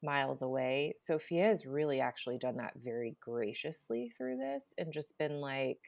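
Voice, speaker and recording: Low-voiced woman, earnest podcast host. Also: expressive, normal speed, gravelly, darkish tone, no echo. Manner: reflective, speaking straight to listeners.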